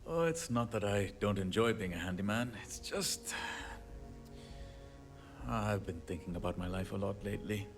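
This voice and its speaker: A man's voice: lowish voice, expressive, moderate pace. A man voicing a weary, self-deprecating handyman in a video game, chatty and apologetic with light laughs. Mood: rueful. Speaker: game character. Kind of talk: video game character dialogue. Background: game music.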